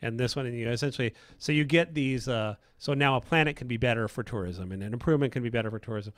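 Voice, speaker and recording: A man's voice: medium pitch, fast talker, no room sound, studio quality. A man, a lead game designer, chatting enthusiastically on a livestream, often restarting his sentences. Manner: rambling, enthusiastic, many restarts and fillers. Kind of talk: casual livestream chat.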